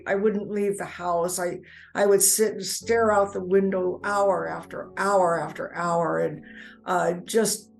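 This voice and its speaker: A woman telling her personal life story in earnest, halting speech, often repeating words as she goes. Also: fairly low pitch, gravelly, a little mellow, poor audio. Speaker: near-death experience storyteller. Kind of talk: personal testimony.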